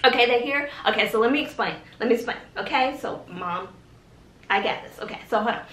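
A woman's voice: fairly high pitch, animated, a little fast. A woman hosting a casual advice vlog, chatty and talking straight to her viewers, checking in with "okay?" all the time. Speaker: vlogger, channel host. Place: her home in Texas. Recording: roomy room with faint background music.

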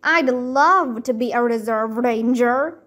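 An eager, chatty little girl from a storybook, bubbling over with excitement, as a woman reads her aloud. The voice sits high and the delivery is slow and careful. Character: cheerful eager young girl.

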